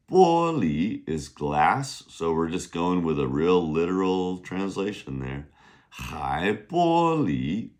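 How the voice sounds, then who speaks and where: A man teaching a casual language lesson, upbeat and drilling words for repeating, his voice worn from a long day of recording. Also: deep voice. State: losing his voice. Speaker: Mandarin teacher. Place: beach, outdoors.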